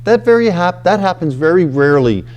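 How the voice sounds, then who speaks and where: A male priest giving a reflective scripture talk, explaining in an unhurried way and reading scripture slowly and solemnly. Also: sits high, lively intonation, darkish tone. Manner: frequent fillers and restarts, unhurried explanatory delivery.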